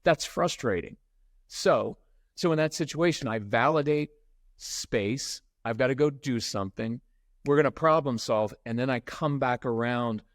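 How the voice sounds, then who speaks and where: Animated male storyteller, dry sound. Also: mid-range voice, measured pace, no room sound. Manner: animated storyteller who acts out quotes. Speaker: podcast guest, parenting expert. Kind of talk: conversational interview, storytelling.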